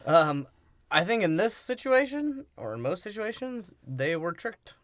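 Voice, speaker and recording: A man's voice: high voice, big pitch swings, unhurried, a bit bright. A man co-hosting a podcast, chatting casually and agreeably about a movie, laughing often and swearing. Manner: laid-back, agreeable, laughs often, profane. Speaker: podcast co-host. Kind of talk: casual movie-breakdown chat.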